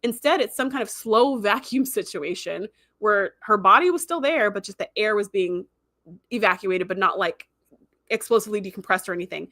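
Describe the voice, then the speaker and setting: A young adult woman hosting a livestream, retelling a story in a casual, animated way with plenty of fillers. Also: medium pitch, normal speed, no room sound. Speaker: livestream host reviewing episodes.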